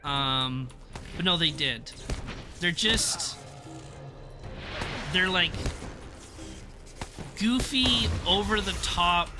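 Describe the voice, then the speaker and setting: A man's voice: sits high, extremely slow, long pauses, over music. A young man chatting casually on a live stream, reviewing a TV episode in a rambling, laughing way. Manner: rambling, self-interrupting, laughs often.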